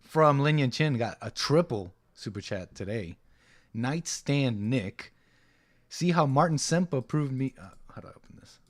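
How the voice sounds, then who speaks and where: A man's voice: mid-range voice, expressive, measured pace. A man in his twenties hosting a casual livestream, rambling and reading viewer messages aloud. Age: 20s. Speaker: livestream host.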